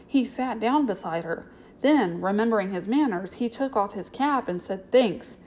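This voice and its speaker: A woman narrating a storybook in a steady, clear way. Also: medium pitch, normal speed, a little hiss or hum, poor audio. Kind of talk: storybook reading.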